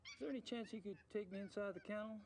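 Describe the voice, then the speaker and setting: A man's voice: high voice, racing, noisy background. An actor voicing a curious young man asking probing questions in a video game. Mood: inquisitive.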